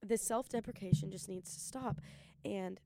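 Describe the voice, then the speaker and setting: A young woman hosting a solo podcast, giving an earnest, excited pep talk and talking fast. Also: medium pitch, creaky, slight background noise. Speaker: podcast host.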